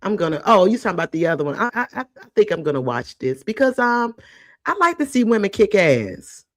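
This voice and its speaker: A woman's voice: medium pitch, very animated, brisk, dry recording, studio quality. A woman hosting casual entertainment commentary, chatty and rambling as she talks straight to her viewers. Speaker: host.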